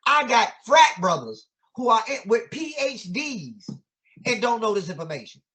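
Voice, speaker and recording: A man's voice: very high-pitched, sing-song, normal speed, pushed and bright. A man, an educator, speaking in an impassioned, preacher-like way, asking many rhetorical questions and using casual vernacular grammar. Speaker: educator guest. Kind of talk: impassioned conversational teaching.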